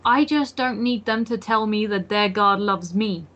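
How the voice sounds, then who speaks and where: A woman's voice: mid-range voice, a little slow, fairly bright tone. A young woman from Denmark with a Danish accent, chatting casually on a podcast and often restarting her sentences. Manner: hesitant, restarts often, earnest. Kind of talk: casual chat.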